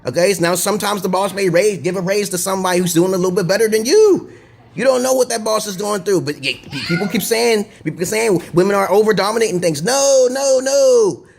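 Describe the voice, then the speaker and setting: A man's voice: high voice, fast, gravelly, slightly rough. A man ranting to his own camera in a casual vlog, profane and rambling, repeating himself and tossing in "okay?" again and again. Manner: profane, rambling, digressive monologue. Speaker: video blogger.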